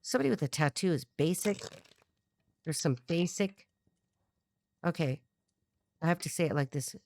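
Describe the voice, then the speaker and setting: Low-voiced woman giving a rambling tarot reading. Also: moderate pace, darkish tone. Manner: rambling, blunt, thinking aloud with frequent restarts. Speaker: tarot reader. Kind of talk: channeled tarot reading to camera.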